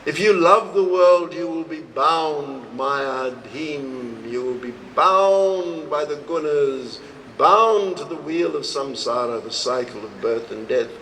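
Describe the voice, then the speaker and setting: A man, a swami, giving a devotional talk to a live audience, telling stories slowly and acting out the dialogue. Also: slight background noise, rough recording. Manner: slow, storytelling, acts out dialogue with expressive rises in pitch. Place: retreat hall, recorded live.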